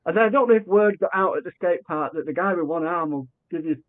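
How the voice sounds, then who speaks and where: Speaking fast in a high voice, a man tells a story as a podcast guest while the tinny remote line makes him sound like he's on the phone. It's conversational and animated, with him acting out the dialogue and repeatedly restarting sentences.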